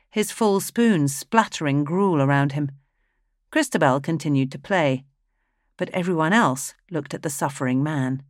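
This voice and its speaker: An audiobook narrator with a low-sitting voice reads a dark fantasy novel aloud in a steady, even storytelling style. The scripted narration is a dry recording with clean studio sound.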